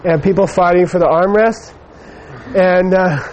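Middle-aged male dharma teacher, slightly high voice, loose anecdotal telling, faint hiss behind. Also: steady tone, unhurried, a little mellow, rough recording. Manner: rambling, many fillers, storytelling. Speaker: Buddhist teacher. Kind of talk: dharma talk with personal anecdote.

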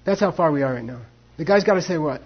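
A man's voice: on the high side, expressive, fast, highs cut off. A man teaching a class on monastic debate, acting out both sides and mixing in Tibetan phrases. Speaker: Buddhist philosophy teacher.

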